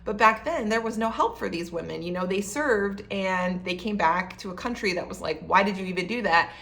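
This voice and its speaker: A chatty woman in her thirties talks through a book she read, in an easy, rambling way. She keeps dropping fillers and acts out her own thoughts in little quoted asides. Her pitch sits right in the middle for a woman. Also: animated, normal speed, creaky, a bit bright. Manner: chatty, many fillers like um and you know. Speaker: book vlogger. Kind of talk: casual book review.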